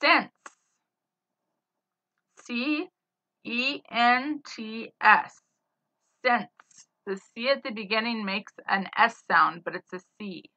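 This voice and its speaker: A woman teaching spelling, saying each word slowly, spelling it letter by letter and using it in a sentence. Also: on the high side, pushed and bright. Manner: spells words letter by letter, then gives example sentences. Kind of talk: slow dictation of spelling words. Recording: slightly dull lo-fi sound.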